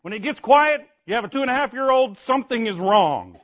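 A middle-aged man preaching, telling a story in an animated way with sudden shouts and frequent restarts. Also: very high voice, a little fast. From Indiana. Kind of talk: sermon storytelling.

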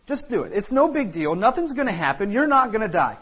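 A man's voice: high-pitched, very animated, brisk, a bit bright, breathy edge, pitched above the performer's own voice, full character voice. A coaxing serpent voiced by a man in a sermon needles and wheedles, pushing again and again. It is the tempter of a pulpit storyteller, insistent and sly. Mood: pushy.

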